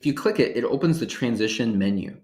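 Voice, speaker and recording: A man's voice: medium pitch, animated, fast, darkish tone. Upbeat man explaining in a roomy space. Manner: upbeat and casual, explaining step by step. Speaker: workshop presenter. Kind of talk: software tutorial demonstration.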